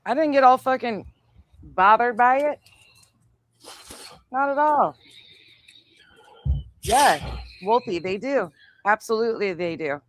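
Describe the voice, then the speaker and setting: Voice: medium pitch, animated, slow, pauses often, fairly bright tone. A podcast host with a mid-range voice reacts to clips with sarcasm and open mockery, swearing often. The sound is close and dry, with no room echo. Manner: sarcastic, mocking, profane.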